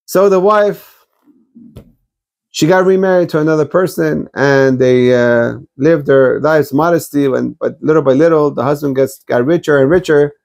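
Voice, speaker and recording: A man's voice: on the high side, moderate pace, vocal fry, a little mellow. A man giving a rabbi's sermon, blunt and exhortative, urging his listeners.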